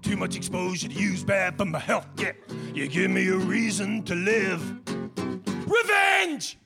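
A man doing a gravelly Australian blues dude. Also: sits high, steady tone, moderate pace, over music. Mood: crooning. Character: laid-back Australian blues dude, crude and deadpan.

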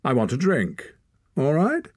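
A man's voice: medium pitch, wildly swooping pitch, a little slow, slightly rough, no echo, studio quality, pitched above the performer's own voice, heavily acted. A man reading a story, voicing a young boy in a tense fight. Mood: strained. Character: young boy hunter, desperate.

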